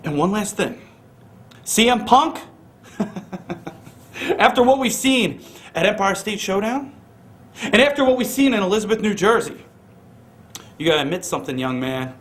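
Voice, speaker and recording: A man delivering a wrestling promo, his voice sitting fairly high for a man. He swings between cocky bragging and hushed, threatening whispers. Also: sing-song, a little slow, long pauses. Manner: boastful, drops into low menacing whispers. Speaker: pro wrestler cutting a promo.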